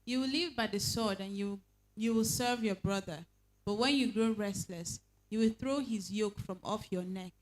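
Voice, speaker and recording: A woman reading Bible verses aloud at a prayer meeting, in a steady, measured way. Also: medium pitch, rough recording. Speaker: scripture reader.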